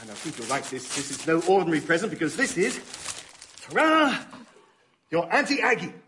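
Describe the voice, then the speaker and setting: A man's voice: on the high side, very animated, brisk, pushed and bright, slight background noise. A man playing a fussy host who is eager to please at a Christmas gathering. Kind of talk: sitcom acting.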